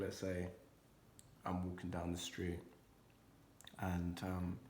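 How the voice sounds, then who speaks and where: A man's voice: low-pitched, darkish tone, slight background noise. A young man giving a casual, rambling card reading to his viewers, talking loosely and swearing now and then. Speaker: intuitive card reader.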